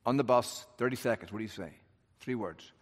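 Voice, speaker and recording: A pastor, a man of middle pitch, delivering an emphatic sermon. His voice rises forcefully, then drops to quiet, weighty lows. A long reverb trails each phrase, as in a large hall. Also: fairly quick. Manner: emphatic preaching, rising and dropping to hushed lows.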